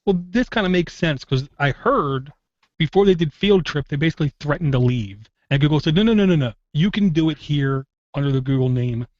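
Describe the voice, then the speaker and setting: A man's voice: a little high, fairly quick, dry recording. A man hosting a tech podcast, chatty and wry, drifting off on tangents in casual talk. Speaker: podcast host. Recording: dull lo-fi dry podcast audio.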